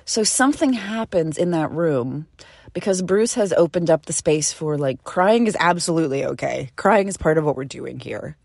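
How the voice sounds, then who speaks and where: Low-voiced woman telling a chatty story. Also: normal speed, creaky, no echo, clean studio sound. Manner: animated, chatty, swears casually. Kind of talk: casual storytelling.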